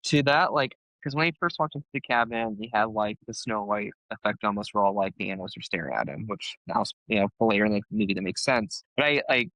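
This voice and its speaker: A man's voice: lowish voice, quick pace, hardly any pauses, fairly bright tone, no echo, muffled recording. A man co-hosting a casual film review podcast, thoughtful and candid about his reactions. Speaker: podcast co-host.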